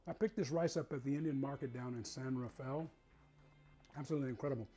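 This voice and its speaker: A man's voice: medium pitch, fast talker, breathy edge, soft background music. A man hosting a cooking show, chatting casually and enthusiastically as he tastes his food. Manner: warm, enthusiastic, savoring food aloud.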